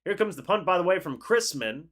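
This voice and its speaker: A young man hosting a live football reaction stream, calling the plays and chatting with viewers in an excitable, talkative way. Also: high-pitched, brisk. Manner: excitable, chatty, reads chat aloud and calls plays. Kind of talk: live game reaction with play-by-play and chat replies.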